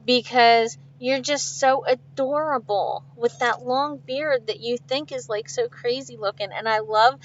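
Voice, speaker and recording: A woman's voice: on the high side, steady tone, measured pace, hardly any pauses, muffled recording. A woman truck driver chatting casually on a live stream from her truck cab, laughing often and reading viewer comments aloud. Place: inside a truck cab with refrigeration unit running. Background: refrigeration unit hum.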